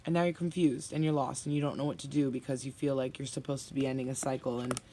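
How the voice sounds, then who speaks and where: Gravelly-voiced blunt tarot reader. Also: mid-range voice, little pitch movement, fast talker, mellow. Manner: blunt, emphatic, sighing and sympathetic. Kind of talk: spoken tarot reading to viewers.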